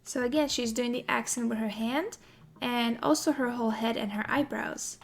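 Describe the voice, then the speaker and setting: A woman teaching animation in a recorded tutorial, explaining in a clear, methodical way. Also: a little high, normal speed. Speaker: animation instructor.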